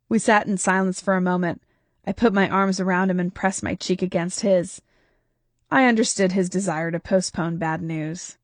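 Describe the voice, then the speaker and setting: A woman author reading her own novel in first person, lively, her voice leaping up on questions and exclamations. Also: no echo. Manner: expressive, pitch jumps on questions and exclamations. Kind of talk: first-person audiobook narration.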